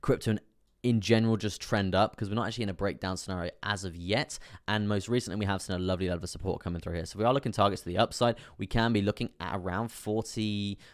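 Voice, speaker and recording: Low-voiced man doing live crypto analysis. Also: steady tone, fast, dry recording, studio quality. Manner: repetitive, reassuring, chatting with viewers. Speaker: crypto live stream host. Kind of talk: casual live chart analysis.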